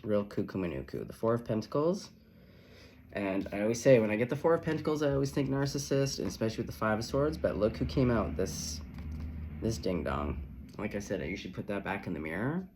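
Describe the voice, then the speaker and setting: A man's voice: fairly low pitch, darkish tone, a little hiss or hum. A man giving a casual tarot reading in a sassy, chatty, profane manner. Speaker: tarot reader.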